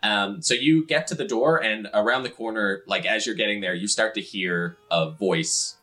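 A young man narrating a tabletop game as game master, relaxed and hesitant. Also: lowish voice, moderate pace.

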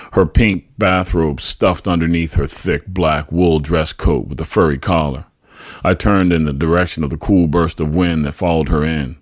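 Dramatically narrating a family memoir for his podcast, a man with an extremely low voice loudly acts out each quoted line. The sound is dry and studio quality.

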